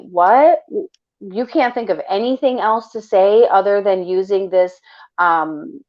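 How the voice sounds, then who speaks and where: A woman's voice: lowish voice, highs cut off. A woman co-hosting a podcast, talking in casual chat, blunt and impassioned, swearing freely. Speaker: podcast co-host.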